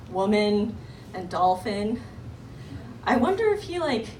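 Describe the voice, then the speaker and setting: A young woman performing a stand-up comedy set, telling a story in an animated way with voiced quotes. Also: medium pitch. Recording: roomy live venue from a distance, audience noise.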